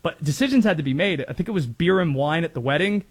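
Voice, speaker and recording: A man's voice: on the high side, animated, fast talker, slightly rough. A man from North Carolina hosting sports talk radio in a chatty way, laughing easily and wandering into asides.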